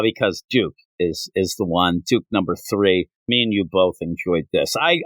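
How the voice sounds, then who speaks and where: A man's voice: deep voice, no echo. Chatty man hosting a comics show. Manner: animated, talkative, repeats phrases like "I'm telling you". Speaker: comics podcast host. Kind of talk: casual chat.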